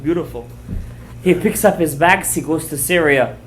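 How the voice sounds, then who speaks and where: A man teaching a Torah class as a rabbi, telling a story with lively acted-out quotes, mixing in Hebrew terms and checking words with his listeners. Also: a little high, normal speed, faint music behind. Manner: animated storyteller, acts out quoted lines, checks words with the audience; mixes in Hebrew and Aramaic terms.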